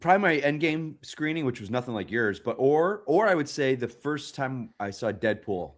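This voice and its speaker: A man's voice: medium pitch, animated, normal speed. A man co-hosting a casual show, laid-back and freely swearing. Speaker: co-host. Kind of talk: casual chat.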